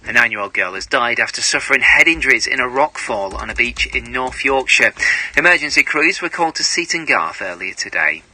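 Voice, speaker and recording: A man reading the hourly radio news bulletin, measured and formal. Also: mid-range voice, bright, forceful tone, no echo, rough recording. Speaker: newsreader.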